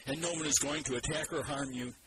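A man preaching a sermon, animated and leading the congregation in repeating scripture after him. His voice sits at an ordinary middle pitch. A heavy wash of background noise runs under the whole recording. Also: fast.

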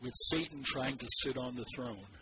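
A man preaching a sermon, animated and drawing the congregation in to repeat verses after him. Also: medium pitch, normal speed, low-quality recording. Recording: loud background noise.

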